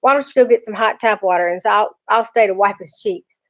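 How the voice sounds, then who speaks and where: A woman's voice: mid-range voice, fairly quick, lightly acted. A woman voicing a father in his thirties who jokes and teases in an amused way. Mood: teasing. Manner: joking, amused. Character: teasing father in his thirties, always laughing. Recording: dull lo-fi recording.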